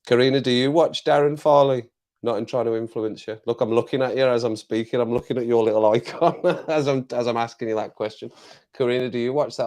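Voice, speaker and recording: A man's voice: medium pitch, darkish tone. An English man hosting a casual live stream, chatting to viewers in a rambling way, repeating phrases and laughing often.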